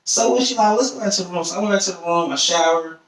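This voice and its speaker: A young man with a high, bright-sitting voice spins a casual story on a podcast, acting out each person's lines as he goes. He sits back from the mic, and the room around him rings with echo. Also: fast talker. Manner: animated storyteller, acts out quoted voices. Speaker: podcast host. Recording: echoey room, distant mic.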